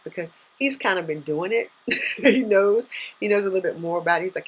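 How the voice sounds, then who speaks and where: A woman in her thirties, a life coach giving an earnest, faith-based motivational talk on a live stream, with excited bursts. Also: medium pitch, fast talker, breathy edge, rough recording.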